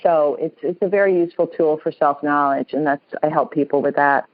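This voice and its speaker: Woman guest astrologer, very low voice, earnest explainer, dead-dry muffled call audio. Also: fairly even intonation, fairly quick, no room sound. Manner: earnest, explanatory, repeats herself. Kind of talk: interview answers.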